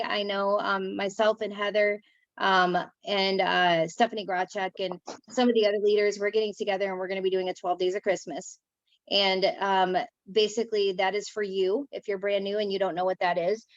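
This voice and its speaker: A woman's voice: medium pitch, dry recording, muffled recording. A woman co-hosting a round-table chat over a video call, talking with enthusiasm and laughing easily. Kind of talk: casual chat.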